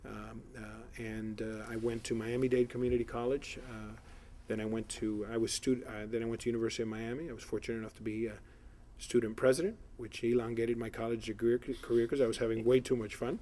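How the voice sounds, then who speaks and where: A man's voice: mid-range voice, flat delivery, fast talker, dark tone. A middle-aged man from South Florida, a political candidate answering questions in an editorial board interview, rambling with many fillers and restarts.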